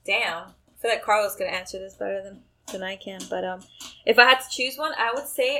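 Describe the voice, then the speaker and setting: A woman chatting casually who tells stories with lively acted-out quotes and casual swearing. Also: a little high, normal speed. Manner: animated storyteller, acts out quotes, swears casually. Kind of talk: casual chat.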